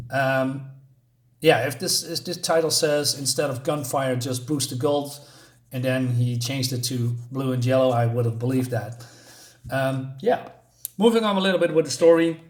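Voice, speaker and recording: A man's voice: mid-range voice, normal speed. A man giving a casual spoken comic book review, rambling and hesitant, with many fillers.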